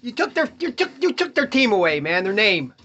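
High, bright-voiced man ranting profanely. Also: big pitch swings, fairly quick, lo-fi sound. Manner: profane and blunt, chuckles often. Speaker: podcast host. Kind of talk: casual rant while opening baseball cards.

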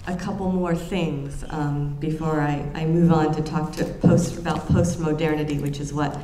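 A woman giving an academic lecture in an earnest, reflective way, often pausing and restarting her phrases. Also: low voice, steady tone, dark tone, a little hiss or hum. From United States. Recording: roomy lecture room with faint ambience.

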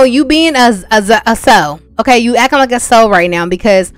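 A woman's voice: on the high side, lively intonation, moderate pace, hardly any pauses, clear, resonant tone, no room sound, soft background music. A young woman giving casual, chatty gameplay commentary, talking straight to her viewers with exasperated asides. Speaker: gameplay vlogger.

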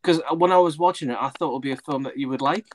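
A man's voice: fairly high pitch, racing, slight background noise, rough recording. A man chatting about films on a live stream over a video call, rambling, losing track of names and swearing. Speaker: panelist on a movie live stream. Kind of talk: casual chat.

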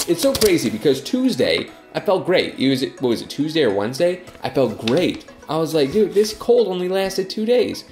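A young man vlogging about his fan mail with a stuffy nose from a cold, gushing with excitement. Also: on the high side, normal speed, hardly any pauses, echoey room, soft background music. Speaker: YouTuber. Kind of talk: casual vlog reading fan mail.

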